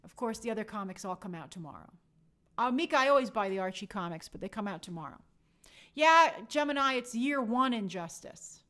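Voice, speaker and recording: A woman's voice: medium pitch, animated, brisk, fairly bright tone. A young woman hosting a casual livestream, chatting and answering viewer comments with a sarcastic edge. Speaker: host answering live chat.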